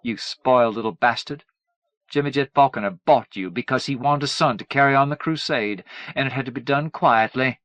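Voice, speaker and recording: A man's voice: mid-range voice, normal speed, a bit bright, no echo, lo-fi sound, natural voice. A man voicing a desperate middle-aged mother who pleads and turns coldly cutting. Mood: bitter. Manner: pleading, then cold and cutting.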